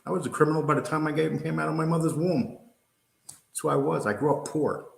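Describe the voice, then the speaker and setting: A man's voice: on the high side, steady tone, quick pace, gravelly. An older man hosting a livestream, ranting angrily in a profane, combative, mocking way. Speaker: host. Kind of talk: angry livestream rant. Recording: roomy echo.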